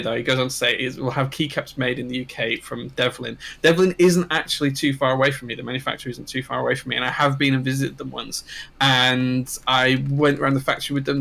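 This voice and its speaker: A man's voice: mid-range voice, gravelly, bright, forceful tone. A man co-hosting a casual livestream, chatty and rambling with frequent ums. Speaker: co-host.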